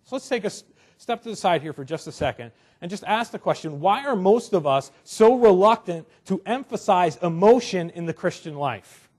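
A young man preaching a conversational sermon, animated, with joking asides to the congregation. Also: sits high, normal speed, breathy edge. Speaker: pastor.

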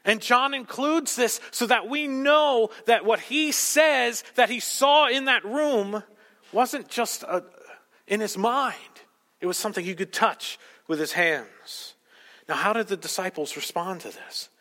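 A man's voice: sits high, a little slow, bright, forceful tone, long reverb tail. A man preaching a sermon as a pastor, teaching through a passage and asking rhetorical questions.

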